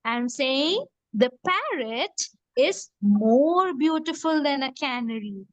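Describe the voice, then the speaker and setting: A woman's voice: high voice, very animated, slow pace, dry recording, rough recording. A woman teaching a grammar class, repeating words patiently and asking students to repeat after her. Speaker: English teacher.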